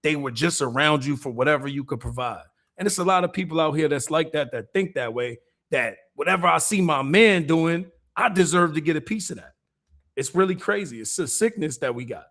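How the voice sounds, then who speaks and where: A man's voice: fairly high pitch, expressive, fairly quick, fairly bright tone. A man hosting a stream, giving laid-back, amused streetwise commentary. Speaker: livestream host. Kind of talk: casual commentary chat.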